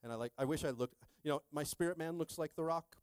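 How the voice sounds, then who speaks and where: A male pastor in his thirties preaching a sermon, calling out to the congregation and swinging from quiet asides to shouting. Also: a little high, fast, clear, resonant tone, no echo.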